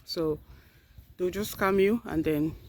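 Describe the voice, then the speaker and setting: A woman's voice: fairly low pitch, slow pace. A woman vlogging while walking outdoors, a little out of breath, chatting earnestly and correcting herself as she goes. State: slightly out of breath. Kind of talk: casual walking vlog.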